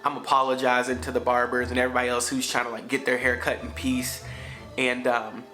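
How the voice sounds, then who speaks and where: Man, family vlogger, slangy casual storyteller, bright voice, faint music under him. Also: mid-range voice, monotone, fairly quick. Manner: slangy, conversational, frequent fillers. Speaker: father vlogger.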